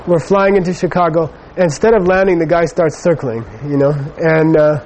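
A man's voice: on the high side, fairly even intonation, normal speed, darkish tone, a little hiss or hum, poor audio. A middle-aged man giving a Buddhist teaching, telling a personal story in a rambling way with many fillers. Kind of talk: dharma talk with personal anecdote.

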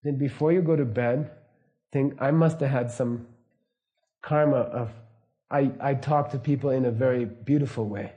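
A middle-aged man giving a casual, anecdotal teaching talk, relaxed and laughing often. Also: medium pitch, normal speed, dull audio. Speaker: Buddhist teacher.

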